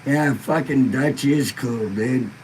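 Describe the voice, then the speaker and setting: A man's voice: mid-range voice, slow, a little mellow, slight background noise, low-quality recording. A laid-back man hosting a live-stream podcast, stoned and in pain, reading viewer comments in a rambling, profane way. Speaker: livestream podcast host.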